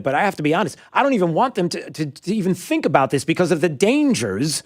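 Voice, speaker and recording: A man's voice: on the high side, expressive, brisk, few pauses, no room sound, studio quality. A man hosting a political talk radio show, emphatic and full of "uh" fillers and restarts.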